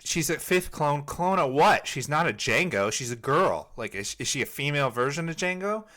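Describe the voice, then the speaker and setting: A man's voice: a little high, animated, moderate pace, sharp tone. A man hosting a casual podcast chat, rambling with many fillers and restarts. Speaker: podcast host.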